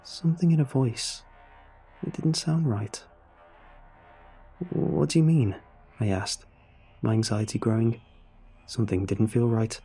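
A man narrating a horror story in a measured, suspenseful way. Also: on the low side, animated, mellow, slightly rough, faint music behind.

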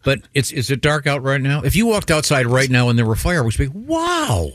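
A radio host in casual studio banter, telling stories and acting out exclamations. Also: male voice, mid-range voice, quick pace, slight background noise. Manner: animated storyteller, acts out exclamations.

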